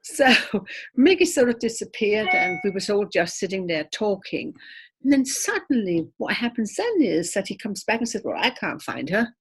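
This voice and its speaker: A middle-aged woman, a medium, telling lively anecdotes in a casual interview and laughing often. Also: mid-range voice, moderate pace, slightly rough. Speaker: medium, guest.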